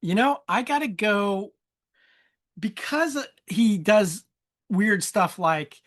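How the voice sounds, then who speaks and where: A podcast host asking the questions in a relaxed, casual panel chat, with asides and quoted lines. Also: mid-range voice, slow.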